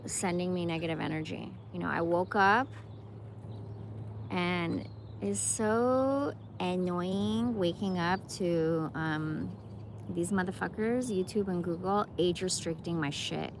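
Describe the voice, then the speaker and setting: A woman's voice: fairly low pitch, takes it slowly. Casting note: woman in her 40s, loose rambling vlogger, profane slang, noisy outdoor phone audio. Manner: rambling, slangy, profane, says bro often. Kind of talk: casual vlog chat. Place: outdoors in a park.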